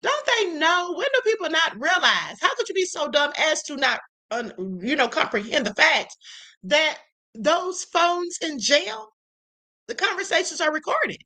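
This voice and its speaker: A woman hosting her own livestream, sharing opinions with a sassy, emphatic edge. Her voice sits high and sounds bright and forceful. She keeps calling her viewers honey. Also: sing-song, unhurried. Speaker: livestream show host.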